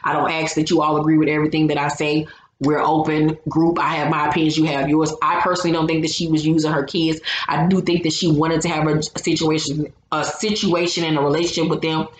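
A woman's voice: low-pitched, level tone, fairly quick. A woman giving a casual, blunt and opinionated recap of a reality show, with salty language. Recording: roomy echo, faint background hum.

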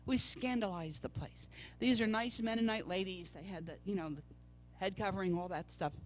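A woman preacher speaks at a moderate pace in a medium-pitched voice, giving a testimony sermon during a church service. She recounts her own experience and acts out the voices of those she quotes.

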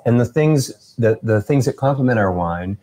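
A relaxed man hosts a casual live interview at an ordinary pitch. He rambles gently, often restarting his sentences as he goes. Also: moderate pace. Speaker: host.

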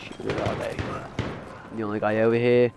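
A teenage man giving profane, excitable commentary on his own gameplay in a put-on accent, with game gunfire behind him. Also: fairly low pitch, normal speed, noisy background. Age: teens. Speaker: gamer.

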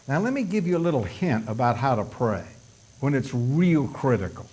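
A man's voice: medium pitch, sing-song, normal speed, darkish tone, breathy edge. A male pastor preaching a sermon, acting out prayers in a raised voice, with folksy asides.

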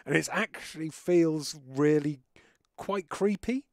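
A man's voice: on the high side, takes it slowly, darkish tone, no room sound, studio quality. A British man hosting a live game stream, chatting casually and joking with some swearing. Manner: chatty, swears freely, jokey. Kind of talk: casual chat while gaming live.

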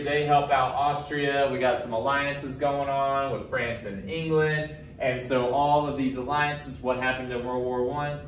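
A male history teacher talking casually through practice exam questions, with a joking, sarcastic streak. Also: medium pitch. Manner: casual and jokey, self-described as sarcastic. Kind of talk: recorded lesson walking through practice questions. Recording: roomy echo, distant from the mic, faint background noise.

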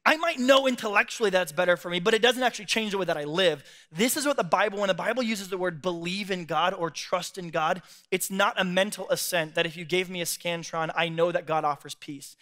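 A man preaching a sermon, joking and laughing often as he acts out quick little voices. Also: high-pitched, pushed and bright. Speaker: pastor. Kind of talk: comedic sermon. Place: church stage.

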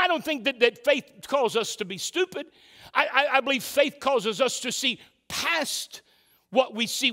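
A man's voice: extremely high pitch, sharp tone. A man preaching a sermon as pastor, often repeating "can I tell you" and restarting his words as he drives his points home. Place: church sanctuary. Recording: long hall reverb.

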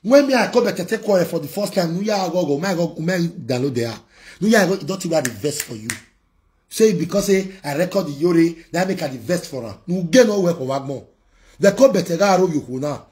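A man's voice: on the high side, lively intonation, fairly quick, a little mellow, a little hiss or hum. A man with a Nigerian accent, a blogger ranting heatedly, scolding and warning in a vlog.

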